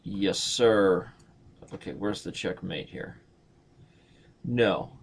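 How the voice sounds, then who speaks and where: A man's voice: deep voice, lively intonation, drawn-out words, gravelly, pauses often, slightly rough. A man in his thirties giving casual, joking live-stream commentary as he plays, thinking aloud and mocking his own moves. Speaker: chess streamer.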